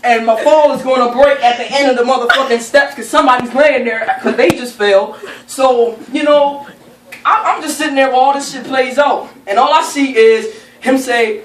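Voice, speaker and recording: A young woman casually telling a funny story to friends, animated and profane, often laughing as she talks. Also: high-pitched, normal speed. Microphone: camera held by a friend. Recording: roomy sound from a distant camera, faint noise.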